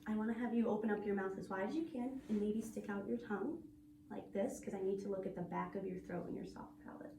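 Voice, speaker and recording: A woman working as a speech-language clinician who guides an exam in a calm, patient, step-by-step way. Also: medium pitch, quick pace, noisy background. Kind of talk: clinical assessment and discussion. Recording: roomy audio from a distant mic.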